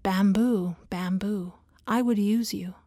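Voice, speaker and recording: A woman voicing a grave, loving male master of a garden, speaking in a solemn, measured way. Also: medium pitch, fairly even intonation, mellow, no room sound, clean studio sound.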